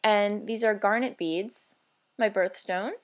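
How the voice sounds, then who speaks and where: A woman's voice: mid-range voice, takes it slowly. A woman hosting a knitting video podcast, chatting casually and bubbly, rambling with fillers and self-corrections. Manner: bubbly and easily excited. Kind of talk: casual show-and-tell vlog.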